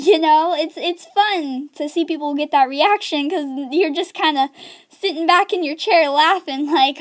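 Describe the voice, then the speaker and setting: Chatty high-voiced young woman. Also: measured pace. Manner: chatty, giggly, rambling with many fillers. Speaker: video creator giving writing tips. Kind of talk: casual chat to camera.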